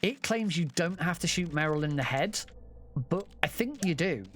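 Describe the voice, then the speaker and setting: A man's voice: on the high side, expressive, normal speed, fairly bright tone, slight background noise. A man giving casual, chatty commentary while playing a game, often correcting himself and swearing offhand. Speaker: speedrunner.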